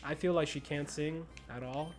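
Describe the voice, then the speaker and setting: A man's voice: on the high side, fairly even intonation, normal speed, soft background music. A young American man with a slight Spanish-influenced accent, chatting casually and laughing while streaming a game. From United States. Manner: laid-back, slangy, laughs often. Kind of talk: casual chat while gaming.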